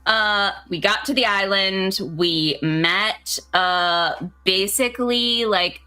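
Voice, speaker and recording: A woman chatting on a gaming stream, giggly and rambling as she recaps the plot. Her pitch sits in the middle for a woman, and her talk is loose and playful. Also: slow, pushed and bright, clean tone. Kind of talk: casual chat recapping a game.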